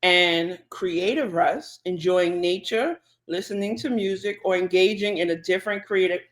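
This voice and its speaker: A woman, co-hosting a podcast in relaxed, chatty talk full of fillers and asides. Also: fairly low pitch, moderate pace. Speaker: podcast co-host. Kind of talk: casual podcast chat.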